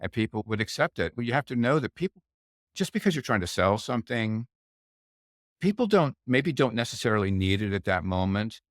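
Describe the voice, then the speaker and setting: An older man with a fairly low voice tells his stories with energy, slipping into the voices of the people he quotes. The sound is close and dry, with no room around it. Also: fairly quick, no echo. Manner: animated anecdote teller, acts out quoted voices. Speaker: guest. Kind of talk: casual storytelling chat.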